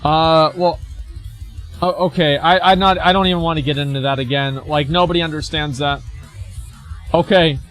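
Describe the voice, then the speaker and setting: A man's voice: a little high, steady tone, moderate pace, long pauses, fairly bright tone, soft background music. Blunt, mocking male streamer. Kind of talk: reading and reacting to forum posts.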